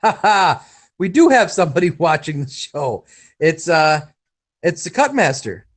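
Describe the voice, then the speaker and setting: A man's voice: on the high side, big pitch swings, unhurried. A man co-hosting a live fight watch-along, commenting casually and teasing his co-hosts with crude banter. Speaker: podcast co-host.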